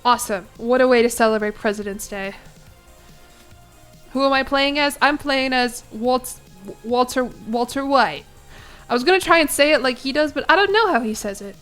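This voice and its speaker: A fairly high-voiced woman streaming a game and chatting easily with her viewers. She muses out loud and answers chat on the fly, with giggly asides. Soft game music sits faintly underneath. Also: moderate pace.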